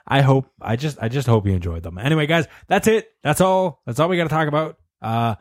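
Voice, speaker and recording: Podcast host, loud and incredulous. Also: medium pitch, lively intonation, brisk, dry recording. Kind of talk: casual chat.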